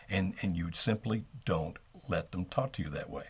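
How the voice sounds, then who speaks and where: A man co-hosting a live call-in marriage advice show, calmly explaining what to do and acting out sample lines. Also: low voice, normal speed, hardly any pauses, husky. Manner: calm, explanatory, acts out sample dialogue. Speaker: marriage coach co-host.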